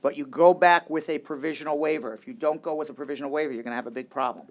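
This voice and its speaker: A man hosting a call-in radio show, answering legal questions in a brisk, confident, teasing way. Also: on the high side, steady tone. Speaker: immigration lawyer and radio host.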